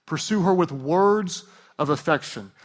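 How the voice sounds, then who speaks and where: A man with a high, bright voice preaches in an animated, humorous way, leaning into jokes with the crowd and swelling to shouts on the points he wants to land. He delivers it as a pastor speaking from the stage of a large church. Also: measured pace. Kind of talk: sermon.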